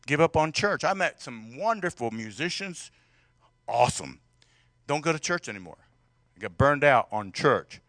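A male pastor preaching a sermon in a conversational way, asking the congregation questions and swinging between loud and soft passages. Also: medium pitch, very animated, normal speed, no room sound.

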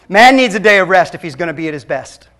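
A man preaching a sermon as a pastor, emphatic and swinging between loud and hushed. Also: fairly high pitch.

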